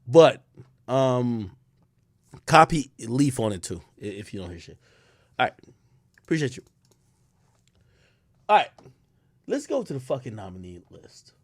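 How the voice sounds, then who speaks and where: A man's voice: medium pitch, big pitch swings, a little slow, pauses often, dry recording. A man streaming live, chatting loosely with his viewers and swearing freely. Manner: loose and profane, reacting to chat, swings loud and quiet. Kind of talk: casual livestream chat.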